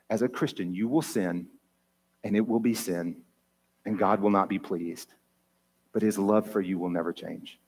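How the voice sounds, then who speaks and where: A man pastor preaching an earnest, personal sermon, his voice rising with feeling at its peaks. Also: on the low side. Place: church sanctuary. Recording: long church hall reverb.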